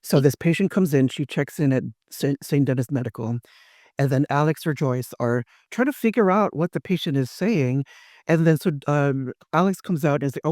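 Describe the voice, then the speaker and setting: A man's voice: on the high side, darkish tone, no room sound, clean studio sound. A man hosting an entertainment interview, enthusiastic and effusive in his questions. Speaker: interviewer host. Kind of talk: casual interview.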